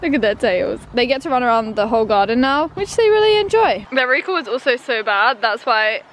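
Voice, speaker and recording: A woman's voice: a little high, lively intonation, brisk, fairly bright tone, rough recording. A young woman, chatting casually in a rambling vlog, sometimes walking outdoors beside a road. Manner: chatty, rambling with many "like" fillers. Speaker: vlogger. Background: faint passing traffic.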